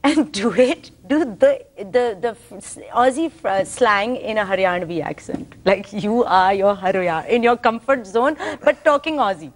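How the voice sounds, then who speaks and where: A woman hosting an interview show, teasing her guest and laughing often between quick questions. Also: medium pitch, slight background noise. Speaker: talk show host. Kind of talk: playful interview chat.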